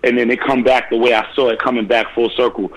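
A man's voice: medium pitch, little pitch movement, quick pace, creaky, no room sound, rough recording. A man being interviewed about his new music, talking in a laid-back, enthusiastic way full of slang and repeated words. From United States. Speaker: musician guest. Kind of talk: casual interview chat.

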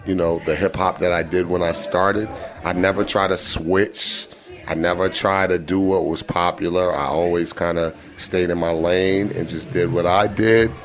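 A rapper in his forties with a Boston accent, talking in a casual interview, laid-back and full of fillers and swearing. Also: sits low.

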